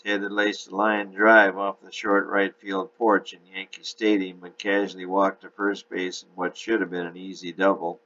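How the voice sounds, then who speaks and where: A man narrates a novel chapter in a steady storytelling voice. His tone is very deep yet bright and forceful. The recording sounds a bit dull and lo-fi. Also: moderate pace, hardly any pauses.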